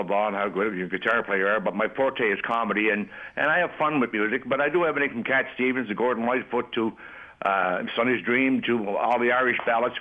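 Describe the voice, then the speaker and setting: An older man from Canada's Maritimes, a comedian telling folksy jokes and stories as a guest on a call-in interview. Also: on the low side. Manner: joking storyteller, folksy. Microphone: telephone. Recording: tinny phone line.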